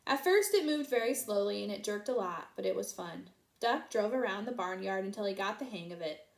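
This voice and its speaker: Expressive woman reading a picture book. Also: mid-range voice, brisk, vocal fry. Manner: expressive, sing-song storytelling. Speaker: storyteller. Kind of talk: children's picture book read-aloud. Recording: roomy echo.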